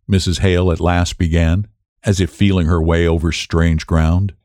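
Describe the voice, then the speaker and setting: A man reading a literary story aloud in a measured, expressive way. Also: low-pitched, dry recording, clean studio sound. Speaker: narrator.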